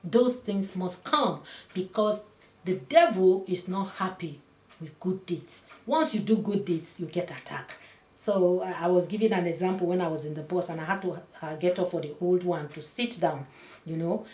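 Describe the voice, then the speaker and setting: A woman's voice: fairly low pitch, normal speed. Woman pastor preaching in an echoey room. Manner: earnest preaching, rising to loud emphatic peaks. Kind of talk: sermon.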